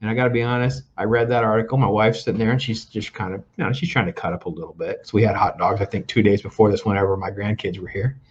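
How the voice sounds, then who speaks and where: A man's voice: lowish voice, fairly even intonation, fast, few pauses, lo-fi sound. An older man hosting a talk show, ranting about food in a casual, joking way. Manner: opinionated, joking rants. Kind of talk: casual chat.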